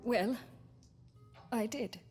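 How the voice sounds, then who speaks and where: A quietly menacing, possessive old friend, acted by a woman in a visual novel, speaking formal, old-fashioned lines at an unhurried pace. Her words keep dropping into hushed, unvoiced whispers. A game soundtrack plays clearly behind her. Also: on the high side. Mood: cold. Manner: formal, archaic phrasing, slipping into whispers. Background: game soundtrack music.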